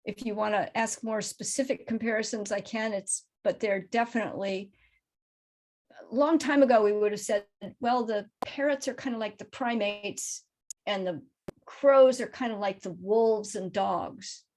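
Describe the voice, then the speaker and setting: Speaking at a moderate pace in a medium-pitched, somewhat mellow voice, a middle-aged woman fields audience questions on a video call following her talk. She is a crow researcher and guest speaker who explains carefully and thoughtfully, wary of oversimplification.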